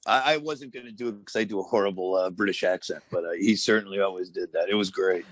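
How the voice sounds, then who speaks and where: A man guesting on an interview, telling old stories in a relaxed, rambling way full of fillers. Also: deep voice, fast. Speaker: former wrestler, interview guest. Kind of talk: casual storytelling interview.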